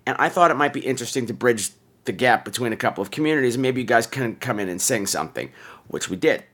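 A man hosting a podcast, telling a comic personal story in an animated, indignant way. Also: medium pitch, quick pace. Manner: animated, indignant retelling with voiced asides. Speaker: podcast host.

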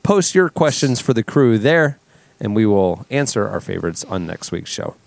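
A man's voice: fairly low pitch, very animated, normal speed, creaky, no room sound. A man hosting a casual podcast, running segments and plugs in an easygoing way on a studio mic. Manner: easygoing, with plugs and audience call-outs. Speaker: podcast host.

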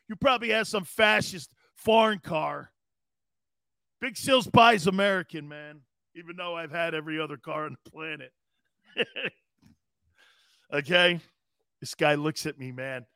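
A man hosting a sports talk radio show, telling rambling, animated stories with sudden loud bursts. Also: on the high side, a little slow, gravelly, pauses often, clean tone, no echo, studio quality.

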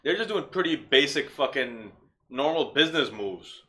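A man as a podcast guest in casual chat, laid-back and profane, quick to agree. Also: medium pitch, animated, sharp tone.

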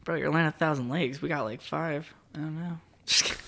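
A young man from South Jersey talks as a podcast guest. His voice is bright and a touch high. He rambles casually, packing his talk with fillers and restarts. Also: steady tone, brisk, creaky. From South New Jersey. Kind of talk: casual chat.

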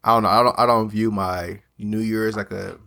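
A man's voice: fairly low pitch, fairly even intonation, a little fast, vocal fry, fairly bright tone. A man co-hosting a casual podcast chat in a laid-back, teasing way. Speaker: podcast co-host.

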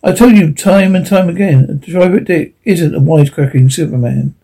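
Brisk wry private eye, husky and mellow, read by a man. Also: fairly high pitch, rough recording. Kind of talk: audiobook reading.

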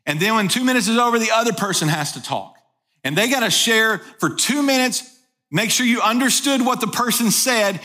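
Pastor, male, high bright voice, chatty sermon delivery full of rhetorical questions. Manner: conversational, asks rhetorical questions.

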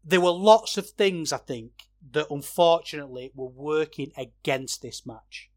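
A man, a wrestling podcaster, talking through a match review in a casual, chatty way that gets animated when he rants. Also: on the high side, a little slow.

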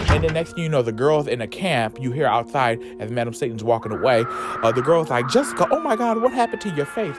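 A man in the middle of his pitch range recaps a horror story with camp, sass and slang. His voice swings up and down with energy. Music plays clearly beneath him. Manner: sassy, animated, slangy storytelling with lively swoops in pitch. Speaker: podcast host retelling a comic book story. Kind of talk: campy comedic story recap. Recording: music playing under the voice. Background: background music.

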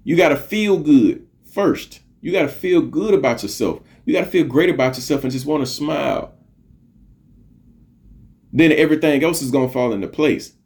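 A man's voice: medium pitch, fairly quick, long pauses, darkish tone. A middle-aged man hosting a podcast, giving an earnest, preachy motivational monologue, repeating phrases for emphasis and swearing casually. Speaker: podcast host.

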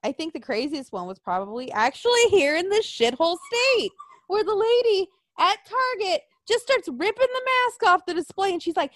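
Woman, young adult, casual chat, profane storyteller, high voice, dry close sound. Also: moderate pace, no echo. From Arizona. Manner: profane, animated, mimics people in quotes.

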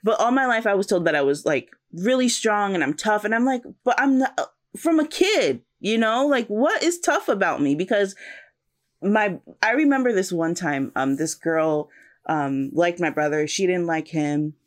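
A woman's voice: medium pitch, animated, normal speed. A young woman co-hosting a casual podcast chat, reflective and searching for words, often restarting her sentences. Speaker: podcast co-host.

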